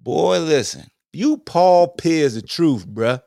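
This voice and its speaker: A lively man speaking slang, riffing through a comedic rant. His pitch leaps high and drops low all the time, and the voice sits a little high for a man. The sound is close and dry, with no room echo. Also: measured pace, creaky, hardly any pauses. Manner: animated, joking, slangy, swings between high exclamations and low mutters. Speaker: podcast host. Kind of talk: comedic commentary monologue. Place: home streaming setup.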